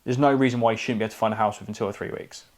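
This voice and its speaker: Crowd noise sits behind a lowish male voice that moves very fast with fairly even intonation. He's an estate agent co-hosting a podcast from a living room, telling a casual, chatty story in clipped lines that skip their subjects.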